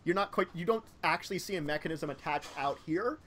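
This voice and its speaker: Guy running a tabletop game, rambly and full of um's and likes, slightly high voice. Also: a little fast, a bit bright, a little hiss or hum. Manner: rambling, lots of fillers and self-corrections. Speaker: game master.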